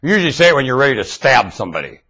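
A man with a husky voice, rambling aloud to his viewers in a webcam monologue. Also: medium pitch, very animated, rapid-fire, pushed and bright, low-quality recording. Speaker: vlogger.

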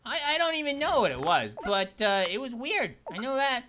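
A performer voicing an upbeat, goofy male cartoon grape who hosts a let's play with excitable, punning commentary and yelps. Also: medium pitch, moderate pace. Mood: goofy excited. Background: background game music.

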